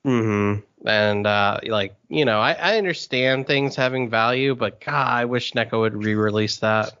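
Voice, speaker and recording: A man's voice: fairly low pitch, unhurried, fairly bright tone, smooth, highs cut off. A man co-hosting a podcast in easygoing casual chat, chuckling between remarks. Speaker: podcast co-host.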